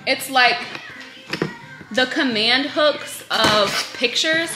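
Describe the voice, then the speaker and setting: A woman's voice: mid-range voice, lively intonation, a little slow, roomy sound, music in the background. A young woman vlogging from home, chatting casually to viewers and calling them y'all. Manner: sing-song baby talk to her infant. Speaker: vlogger and mother. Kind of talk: casual chat to camera.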